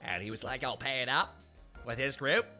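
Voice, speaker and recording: A man's voice: medium pitch, lively intonation, drawn-out words, sharp tone, soft background music, voice pushed down, full character voice. A man putting on a New Zealand tour guide who calls out his groups in a mock accent. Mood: bossy.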